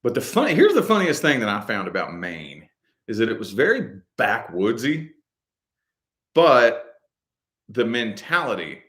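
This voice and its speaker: A man in relaxed, rambling casual chat with viewers, full of "you know" fillers and the odd curse word. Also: medium pitch, measured pace. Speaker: host answering viewer comments.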